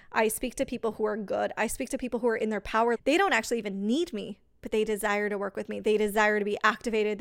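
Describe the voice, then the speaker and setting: A woman's voice: fairly high pitch, no room sound, studio quality. A woman hosting a business-coaching podcast, talking energetically and stacking rhetorical questions. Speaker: podcast host and business mentor. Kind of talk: motivational coaching talk.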